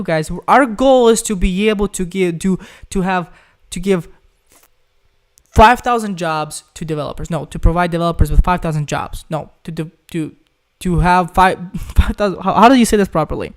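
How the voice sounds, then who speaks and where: A young man from Ukraine hosting a casual live stream, chatting loosely as he reads viewers' questions aloud and keeps calling them guys. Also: high-pitched.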